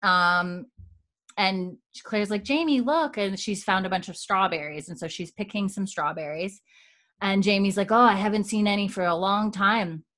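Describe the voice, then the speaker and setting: This woman's podcast recap is casual chat, full of scene retellings and quoted character lines delivered in a chatty, giggly way. Her mid-range voice is bright and forceful, with a steady tone and moderate pace.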